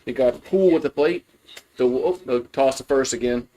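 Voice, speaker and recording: A man gives casual, rambling play-by-play of a college baseball game on a livestream as a fan host, full of fillers and restarts. His medium-pitched voice is warm and moderately paced.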